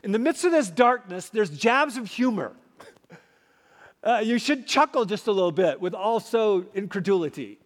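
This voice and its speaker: A man preaching a sermon as a pastor, emphatic, swinging between loud and hushed. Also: sits high, sing-song, normal speed. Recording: long hall reverb.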